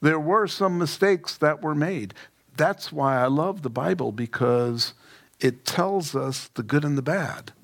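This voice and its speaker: A man's voice: a little high, a little slow, gravelly. A man preaching a casual Bible-study sermon, informal and emphatic, with joking asides. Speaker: pastor. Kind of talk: conversational Bible teaching sermon.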